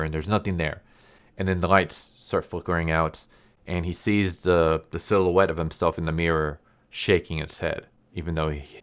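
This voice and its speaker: Low-voiced man rambling through a recap. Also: clean tone. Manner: rambling retelling with fillers and quoted dialogue. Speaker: video reviewer. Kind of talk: casual recap commentary.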